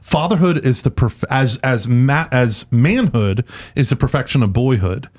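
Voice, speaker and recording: A man's voice: medium pitch, unhurried. A man chatting as a podcast guest, telling stories animatedly and often slipping into other people's voices. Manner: animated storyteller, does voices and laughs often. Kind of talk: casual chat.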